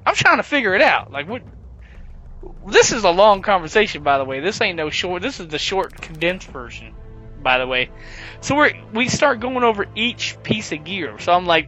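A high, bright-toned man spins a gaming story with lively energy. He acts out his friends' voices as he goes, and faint music plays underneath. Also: moderate pace, lo-fi sound. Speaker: podcast co-host. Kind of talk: casual gaming chat.

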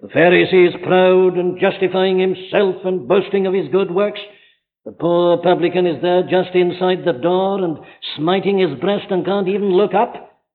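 A man's voice: high voice, moderate pace, narrow, tinny audio. A man preaching a sermon in a chapel, pressing his listeners with urgent rhetorical questions. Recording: thin archive sermon recording with long chapel reverb.

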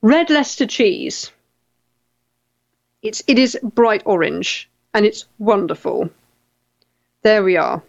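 A woman's voice: mid-range voice, animated, slow pace, vocal fry, long pauses, no room sound, dull audio. A middle-aged English woman hosting a casual chat, reading out viewer comments and often repeating her words. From England.

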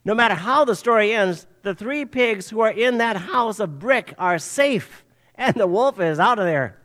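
An older man preaching a sermon, telling a children's story with an animated preacher's delivery. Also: high-pitched, normal speed. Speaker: pastor.

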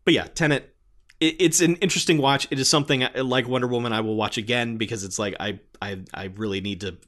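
A man's voice: mid-range voice, fairly even intonation, fast, fairly bright tone. A man in a casual film review chat who talks animatedly, swears freely and acts out his own reactions.

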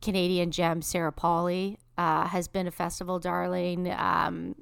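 A woman's voice: lowish voice, flat delivery, measured pace, gravelly, clean tone, dry recording, studio quality. A woman co-hosting a film podcast, chatting casually with many fillers. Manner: chatty, lots of fillers and likes. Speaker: podcast co-host. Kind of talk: casual chat.

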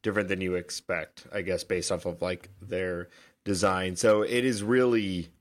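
Low-voiced man musing on a podcast. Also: normal speed. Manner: relaxed, hesitant, with many ums and "you know". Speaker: podcast co-host. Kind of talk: casual podcast discussion.

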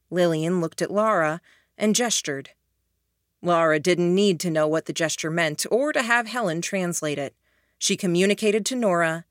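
Woman, audiobook narration, hushed even reading, low voice, dry close sound. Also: moderate pace, no room sound. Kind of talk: scripted narration.

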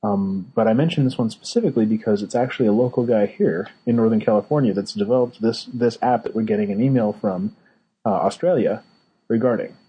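Man, podcast co-host, dark mellow tone, very smooth resonant voice, explanatory, lots of ums. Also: fairly low pitch, fairly quick, low-quality recording. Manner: explanatory, many fillers and restarts. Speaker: podcast co-host, card game judge. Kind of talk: casual podcast chat. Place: Northern California.

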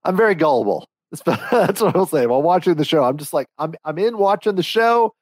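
Animated rambling man on a podcast. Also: on the high side, fairly quick, rough recording. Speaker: podcast co-host. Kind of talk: casual chat.

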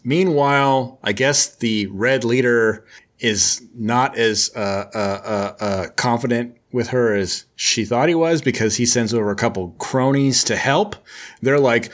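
A man's voice: mid-range voice, a little slow. A man casually retelling a comic book plot as a host, in a mid-range voice. His delivery is joking and sarcastic, with loose conversational storytelling.

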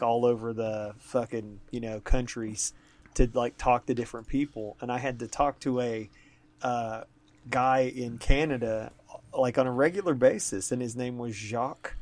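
A man's voice: medium pitch, no room sound. A man co-hosting a casual podcast, talking loosely with swearing and laughter as he tells a story. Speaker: podcast co-host.

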